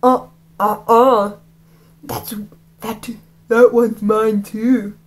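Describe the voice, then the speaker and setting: A woman reading aloud, voicing a big, menacing school bully who drawls his threats slowly. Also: a little high, fairly even intonation. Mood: threatening. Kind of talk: amateur audiobook reading.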